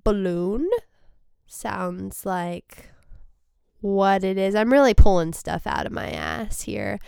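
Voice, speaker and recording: Gravelly woman rambling on her podcast. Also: medium pitch, normal speed, a little mellow, no echo, studio quality. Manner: rambling, self-deprecating, emotional. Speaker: podcast host and comedian. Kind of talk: casual solo monologue. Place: studio space.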